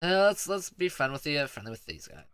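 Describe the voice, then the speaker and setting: A man's voice: mid-range voice, wildly swooping pitch, quick pace, fairly bright tone, smooth, no room sound, clean studio sound. A man streaming a strategy game, giving playful, rambling commentary that stumbles over restarts.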